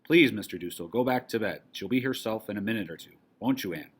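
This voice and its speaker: A man reading aloud for a class, voicing a mother who soothes her frightened daughter in soft, hushed tones. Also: fairly low pitch, lively intonation, fast talker, breathy edge. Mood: soothing.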